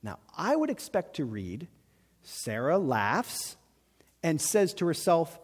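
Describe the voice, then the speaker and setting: A man preaching a sermon in a lively, conversational way, acting out quotes as he goes. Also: on the high side, takes it slowly, breathy edge. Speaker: pastor. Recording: long reverb of a large hall.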